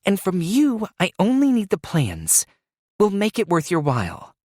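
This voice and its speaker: A man's voice: high voice, wildly swooping pitch, a little slow, darkish tone, no echo, clean studio sound, pitched above the performer's own voice, full character voice. A man doing a tense, urgent young woman. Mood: sharp. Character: determined young woman pleading her case.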